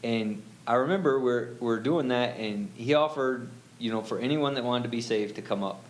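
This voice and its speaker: A man telling his own story in a relaxed, rambling way, full of fillers and quoted lines. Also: mid-range voice, normal speed, rough recording. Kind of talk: casual storytelling.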